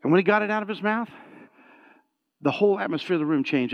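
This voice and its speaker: A man preaches from personal testimony, his voice sitting high for a man. He tells the story with animated swings and climbs into shouted praise at its peaks. The recording sounds dull and lo-fi. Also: fast, long pauses, long reverb tail. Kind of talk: sermon testimony.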